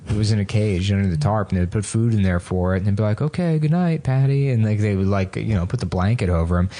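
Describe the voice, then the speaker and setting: Low-voiced man telling rambling stories. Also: quick pace. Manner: rambling anecdotes with funny put-on voices; crude deadpan humor. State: tired from no sleep. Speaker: podcast co-host. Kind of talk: casual comedic chat.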